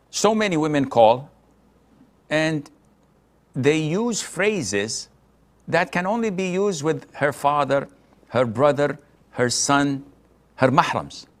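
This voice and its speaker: A middle-aged man, an Islamic scholar, answering a question firmly and emphatically, sometimes acting out short dialogues. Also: fairly high pitch. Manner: firm, emphatic, acts out dialogues. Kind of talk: religious Q&A answer.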